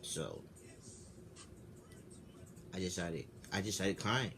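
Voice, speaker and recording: A man's voice: low voice, animated, takes it slowly, creaky, a bit bright. A man in his twenties telling a personal story in a casual vlog, candid and rambling, swearing freely, just woken up. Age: 20s. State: just woke up. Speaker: vlogger. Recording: noisy background ambience.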